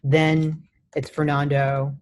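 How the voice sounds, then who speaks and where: Brief: male coding instructor, relaxed classroom lecture, talks while typing. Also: a little high, slow. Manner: casual, many restarts, says "right?" often.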